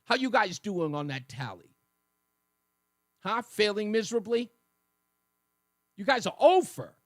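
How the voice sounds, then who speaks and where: Sarcastic high-voiced radio host man. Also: sing-song, measured pace, fairly bright tone, no echo, clean studio sound. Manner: sarcastic, mocking, punchy. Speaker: radio talk show host. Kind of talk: combative political talk radio monologue.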